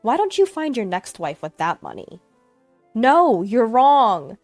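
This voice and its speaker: A woman narrator voices an arrogant ex-husband who has become desperate, giving him a lively, swinging pitch and a dry, close sound with no echo. Unhurried, he begs loudly in a pleading mood, his voice rising high, as she reads the story over faint music.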